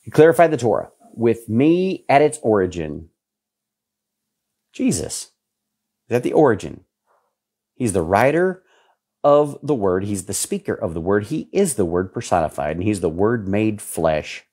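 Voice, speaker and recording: A man in his fifties delivering a sermon in a low voice that swings widely up and down. He preaches emphatically, repeating his points and leaping higher to drive them home. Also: big pitch swings, unhurried, long pauses, darkish tone, breathy edge. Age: 50s. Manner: emphatic, repetitive preaching with sudden pitch jumps.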